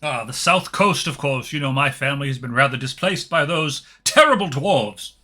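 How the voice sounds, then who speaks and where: A man voicing a jolly, nervous, heavy-set human hustler who talks in an oily, flattering, overly polite way. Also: medium pitch, normal speed, soft background music. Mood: smarmy.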